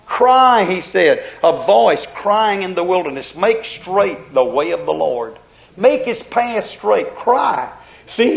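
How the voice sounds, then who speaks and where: A man preaching a sermon, repeating phrases in a rhythmic build and swelling to loud emphasis. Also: high voice.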